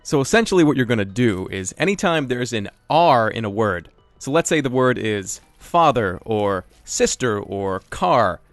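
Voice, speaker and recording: A man answering viewer questions in a casual voice-over, joking and self-deprecating, talking in a lively, animated way. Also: mid-range voice, moderate pace, hardly any pauses, no room sound, soft background music.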